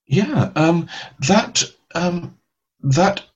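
A man's voice: on the high side, animated, very slow, breathy edge, dull audio. A male actor being interviewed, telling wry anecdotes with many hesitations and ums. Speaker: actor, guest.

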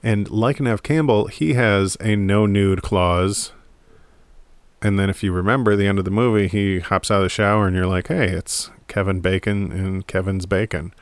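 Here the commentator's voice is lowish, clear and resonant, at a moderate pace with no echo. He's at home before a rack of DVDs, giving a loose, irreverent movie chat to camera, full of tangents, curses and laughs.

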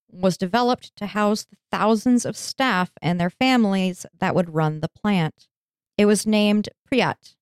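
Clear-voiced woman narrating a history podcast. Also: medium pitch, dry recording, studio quality. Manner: laughs easily, jokey asides. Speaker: podcast host.

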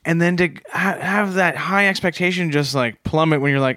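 A male comedy podcast co-host who banters playfully and turns flustered when he is ribbed. His voice is a touch high for a man and sounds dry and close. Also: normal speed, sharp tone, no echo.

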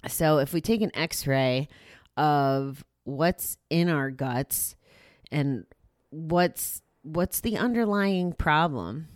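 A woman's voice: low-pitched, extremely slow, no echo, studio quality. A tired, chatty woman hosting a live podcast, rambling through apologetic asides to her listeners. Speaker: podcast host. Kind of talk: casual live chat to listeners.

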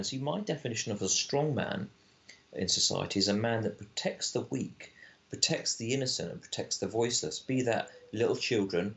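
A man's voice: mid-range voice, moderate pace, gravelly, a bit bright, dull audio. A man, a film director guest, arguing animatedly in casual conversation and often restarting his sentences.

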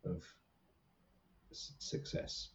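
A man's voice: drawn-out words, fairly bright tone, a little hiss or hum. Male podcast co-host, self-mocking and rambling, dull lo-fi sound. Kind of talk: casual podcast chat. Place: small hot room.

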